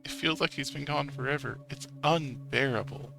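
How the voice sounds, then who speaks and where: A man's voice: mid-range voice, moderate pace, gravelly, over music, lightly acted. A man reading the lines of a grieving teenage girl in a game, tearful and pleading. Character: grieving teenage girl missing her brother.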